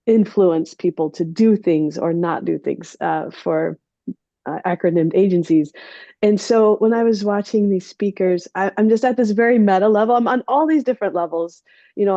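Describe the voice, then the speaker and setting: A woman's voice: lowish voice, warm tone, dry recording, highs cut off. A woman sharing her takeaways in a casual group chat, rambling with many fillers. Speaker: participant.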